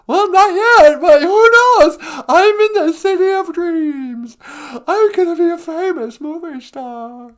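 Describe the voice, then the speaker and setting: A man voicing a bubbly, starstruck young woman in a high, shrieky squeal with drawn-out words, in a comic phone-call skit. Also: a bit bright, exaggerated voice. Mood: giddy.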